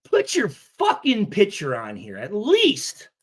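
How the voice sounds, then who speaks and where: A man with a fairly high, lively voice riffs on viewer comments in a casual vlog. He swears freely and stutters, often restarting his sentences and repeating himself. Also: slow, breathy edge. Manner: profane, animated, repeats himself. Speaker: vlogger reading comments.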